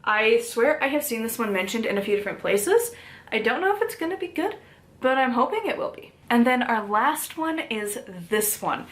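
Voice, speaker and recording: A woman's voice: a little high, sing-song, normal speed, a bit bright. A woman chatting casually through a book haul, full of "like" fillers and small laughs. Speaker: book reviewer.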